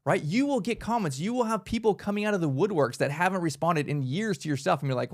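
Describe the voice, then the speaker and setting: A man hosting a motivational business workshop, talking in a casual, energetic way and often tagging lines with "man" and "right?". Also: high-pitched, brisk, hardly any pauses. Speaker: workshop host.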